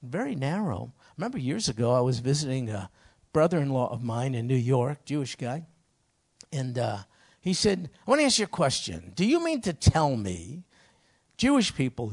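A man's voice: fairly high pitch, wildly swooping pitch, normal speed, husky. A middle-aged man preaching a sermon as pastor, emphatic, with sudden rising outbursts.

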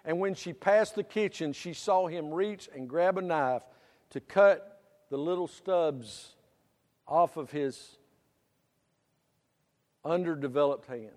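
A middle-aged pastor preaching with a high, ringing voice. He climbs into loud, drawn-out preaching and drops back to quiet, plain storytelling. The sound carries the long reverb of a church hall. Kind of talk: sermon.

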